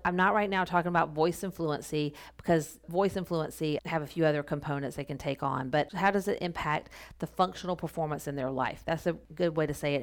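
A woman speech therapist explaining clinical paperwork in a casual, instructional podcast talk, repeating her key points. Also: deep voice.

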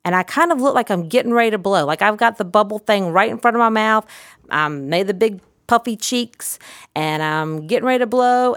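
A middle-aged woman, a pediatric therapist, giving an instructional talk in a lively, demonstrative, emphatic way. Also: medium pitch, a little fast, no echo, clean studio sound.

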